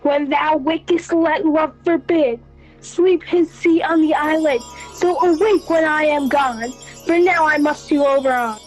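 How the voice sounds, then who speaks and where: A mischievous forest sprite , voiced by a teenage girl, chants rhymed verse for a school audio play. The voice is high and slow, with a sing-song lilt. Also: faint music behind, rough recording. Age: teens.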